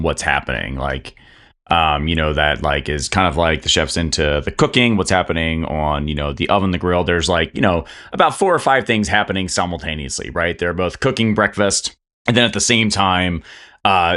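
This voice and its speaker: A man's voice: low-pitched, sharp tone. A man narrating a tabletop game as game master, rambling through scene description with many fillers.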